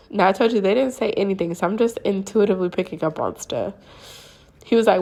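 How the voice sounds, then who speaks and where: Female host, casual dream-story telling, gravelly fry, acts out her own reactions, keeps asking "okay?". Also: medium pitch, moderate pace, a little mellow. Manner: addresses listeners with frequent "okay?" checks. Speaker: spiritual channel host.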